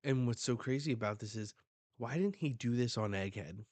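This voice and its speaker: A man reading a comic chapter aloud and reacting to the panels with quick casual remarks. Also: medium pitch, a little mellow, no room sound. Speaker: manga reaction host.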